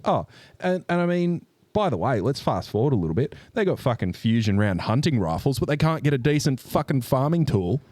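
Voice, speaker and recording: A man's voice: mid-range voice, big pitch swings, fairly quick, darkish tone, no echo. A man co-hosting a podcast in casual chat, ranting animatedly with swearing and exasperated laughs. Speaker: podcast co-host.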